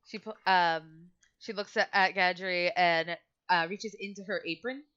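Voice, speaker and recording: A woman game master narrates a tabletop game in a loose, chatty way. Her voice is bright and sits a little low. The audio is dull and lo-fi. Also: fairly even intonation, a little slow, clean tone. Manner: casual, chatty narration with fillers.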